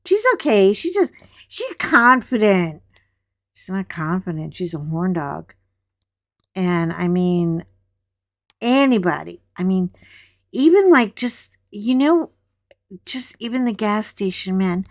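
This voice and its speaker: Middle-aged female host, casual coloring chat; unhurried delivery, blunt and gossipy, dry room. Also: mid-range voice, big pitch swings, no room sound. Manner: gossipy, frank storytelling.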